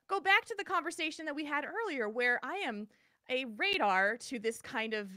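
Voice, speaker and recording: A bright, clear woman co-hosting a podcast and telling a story in a lively, chatty way. She restarts her sentences often as she relives the moment. Her voice sounds dry and close, with no room sound. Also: high voice, moderate pace, dry recording. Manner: animated, vivid retelling with many restarts. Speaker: podcast co-host. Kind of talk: casual storytelling.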